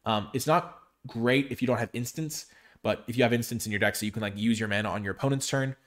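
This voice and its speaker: Male reviewer, rapid casual delivery, mid pitch, thinks aloud with ums. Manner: rapid, thinking aloud with fillers and self-corrections. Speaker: card game reviewer. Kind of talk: casual solo review talk.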